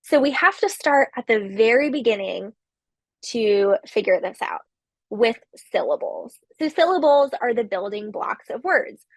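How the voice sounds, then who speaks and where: A woman giving a recorded literature lecture, explaining slowly with occasional fillers. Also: a little high, expressive, no room sound.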